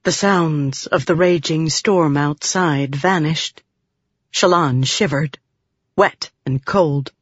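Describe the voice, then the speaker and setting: An audiobook narrator giving an even, measured reading of a fantasy novel, in a dull, dry recording. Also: mid-range voice, breathy edge, no echo.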